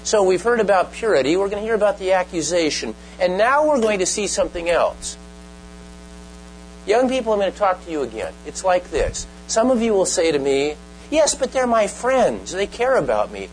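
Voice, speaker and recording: A man's voice: sits high, animated, fairly quick, a little hiss or hum, poor audio. A man preaching a sermon, earnest and emphatic, often stopping to ask the listeners direct questions. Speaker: pastor.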